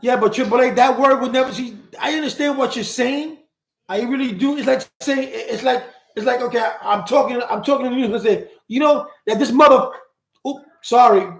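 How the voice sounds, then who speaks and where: High-voiced gravelly man with echo. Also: fairly quick, a bit bright. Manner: rambling, repeats words while searching for them. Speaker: live stream host. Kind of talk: live chat commentary reading viewer comments. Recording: echoey room.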